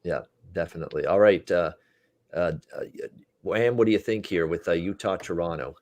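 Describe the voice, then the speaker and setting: A man's voice: low-pitched, normal speed, a little mellow, a little hiss or hum. A man hosting a sports betting talk show, chatting loosely with many fillers.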